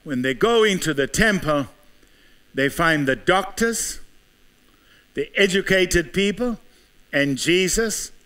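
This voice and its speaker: Animated South African preacher man. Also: high voice, slow, pauses often. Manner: rhetorical questions, emphatic preaching. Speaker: pastor. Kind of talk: sermon.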